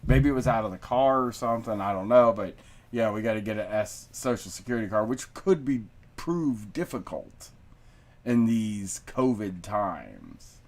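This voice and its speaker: A man's voice: fairly low pitch, expressive, moderate pace. A middle-aged man hosting a podcast in casual chat, talking in a loose, rambling way and swearing freely. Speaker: podcast host. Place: studio basement.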